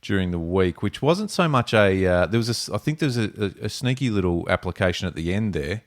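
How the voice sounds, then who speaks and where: A man's voice: deep voice, lively intonation, a little fast. A man hosting a podcast, rambling and laughing in casual chat. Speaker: podcast host.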